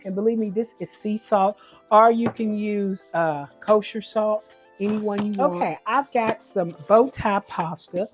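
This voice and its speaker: A woman's voice: medium pitch, a little slow, soft background music. A woman giving a casual cooking demonstration at home, chatty and homey, often correcting herself as she goes. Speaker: home cook.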